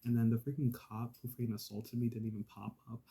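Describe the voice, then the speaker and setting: Mellow, husky-voiced man telling a story. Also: mid-range voice, fast. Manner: animated, swinging from loud outbursts to hushed asides; profane and exasperated. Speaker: vlogger. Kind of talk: casual storytime monologue.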